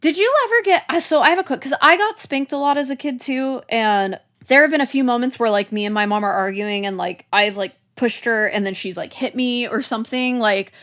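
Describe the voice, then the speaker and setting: A woman's voice: a little high, a little fast, few pauses, a bit bright. A woman hosting a podcast in casual chat, chatty with blunt reactions.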